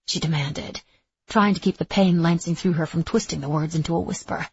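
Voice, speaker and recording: A woman with a husky, breathy, rather low voice reads a novel aloud in a steady, even storytelling tone. The recording is dry and slightly dull, like a lo-fi home setup. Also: fairly quick, dry recording. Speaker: audiobook narrator. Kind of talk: scripted narration.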